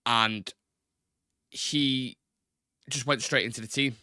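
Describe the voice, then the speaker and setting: A man's voice: mid-range voice, steady tone, slow, pushed and bright, dry recording, studio quality. A young man hosting a casual football chat show, talking loosely and swearing often. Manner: chatty, swears a lot, gets flustered with tech. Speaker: football podcast host.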